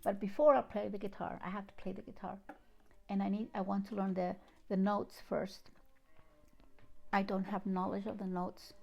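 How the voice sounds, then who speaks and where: A woman with a foreign accent giving a gentle, heartfelt inspirational talk and reading a poem, with soft hushed asides. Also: medium pitch, creaky. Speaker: spiritual channel host.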